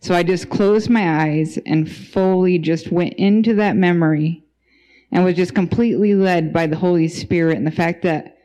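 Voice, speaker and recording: Woman thinking aloud with halting restarts. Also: on the low side, steady tone, dark tone. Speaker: podcast guest. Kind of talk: casual spoken testimony.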